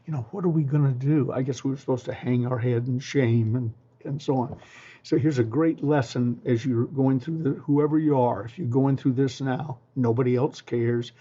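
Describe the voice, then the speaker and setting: A man's voice: mid-range voice, fairly even intonation, normal speed, warm tone, lo-fi sound. An older man, a sales trainer and interview guest, telling folksy stories and advice with frequent ums and restarts. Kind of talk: storytelling advice.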